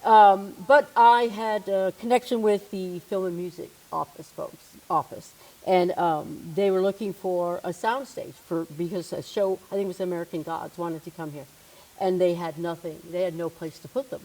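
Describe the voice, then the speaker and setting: Candid middle-aged woman, low voice. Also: fairly even intonation, normal speed, a little mellow, poor audio. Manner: candid, self-deprecating. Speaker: studio partner, Air Force veteran. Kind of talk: casual conversation.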